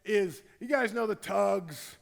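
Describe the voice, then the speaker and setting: A middle-aged man, a football strength coach, giving an energetic conference talk, acting out his players' voices and bursting into shouts. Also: high-pitched, slow, gravelly. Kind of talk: conference presentation. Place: large conference hall. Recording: long hall reverb.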